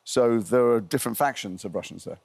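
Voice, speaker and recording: A middle-aged man from Liverpool talks quickly and chattily as a guest on a morning TV interview. He spins self-mocking anecdotes one after another. The sound is close and dry, with little room echo. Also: medium pitch, vocal fry, a little mellow, breathy edge. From Liverpool, England. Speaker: actor guest. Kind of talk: breakfast TV interview.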